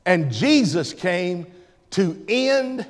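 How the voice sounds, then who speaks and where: A man preaching in a church sanctuary, his voice pitched very high for a man. He swings from hushed explanation to shouted, stretched-out lines, and a long reverb trails every phrase. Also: very animated. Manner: builds from quiet teaching to shouted preaching with long drawn-out phrases. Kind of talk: sermon.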